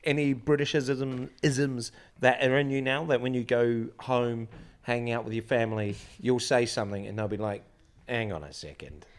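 A man's voice: mid-range voice, little pitch movement, moderate pace, few pauses. A man in his forties with a New Zealand accent, chatting casually and telling anecdotes with plenty of hesitations. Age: 40s. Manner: anecdotal, hesitant with many fillers. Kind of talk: casual chat.

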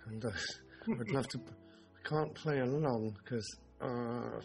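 A man's voice: mid-range voice, slow, vocal fry, darkish tone, soft background music. Rambling male podcast host. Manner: rambling, self-interrupting, swears. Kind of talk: casual film chat.

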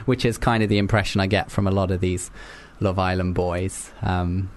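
A man's voice: low-pitched, level tone, normal speed. A man hosting a comedy podcast, chatty and giggly, who often repeats words while he thinks. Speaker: podcast host. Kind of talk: casual comedic chat.

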